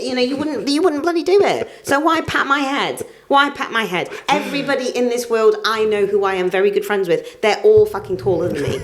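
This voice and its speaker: A woman, a podcast guest chatting casually, blunt and animated, swearing freely as she tells stories. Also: medium pitch, fairly quick.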